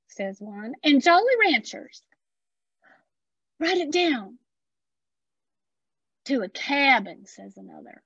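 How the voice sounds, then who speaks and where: A woman with an Appalachian accent performing spoken-word poetry, slow and deliberate with dramatic pauses. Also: sits high, a bit bright, no room sound, highs cut off. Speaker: poet.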